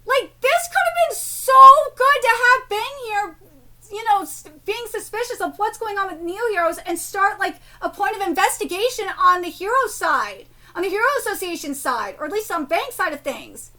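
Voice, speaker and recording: A woman's voice: very high voice, animated, moderate pace, sharp tone. A woman in her thirties giving live reaction commentary, ranting profanely with lots of fillers and restarts, angry. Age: 30s. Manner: rambling with many fillers and restarts. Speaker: streamer reacting to a manga chapter.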